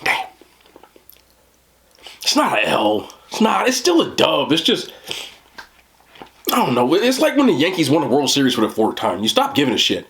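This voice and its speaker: A man's voice: fairly high pitch, wildly swooping pitch, moderate pace, long pauses, fairly bright tone. A man with a New Jersey accent doing a casual food review, blunt, profane and joking.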